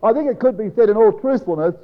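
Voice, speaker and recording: A man preaching a Bible exposition to a congregation, slow and emphatic, dropping low and soft on key phrases. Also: animated. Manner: addresses congregation as brethren and sisters. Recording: dull lo-fi recording with long hall reverb.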